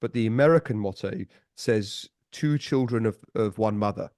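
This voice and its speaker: A man guest on a podcast, telling stories in a lively way and chuckling often. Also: on the low side, normal speed, dry recording, clean studio sound. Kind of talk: casual storytelling chat.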